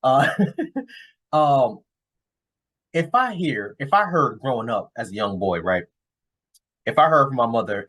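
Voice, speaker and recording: A man's voice: medium pitch, animated, measured pace, long pauses, a bit bright. A man giving casual reaction commentary on a clip, blunt and cursing, rambling with restarts.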